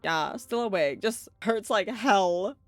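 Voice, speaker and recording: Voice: medium pitch, lively intonation, slow pace, dry recording, faint music behind, voice pushed up. A streamer voicing an injured teenage girl who talks faintly and apologetically, reading from a story game. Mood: weak. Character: injured teen girl, weak and guilty.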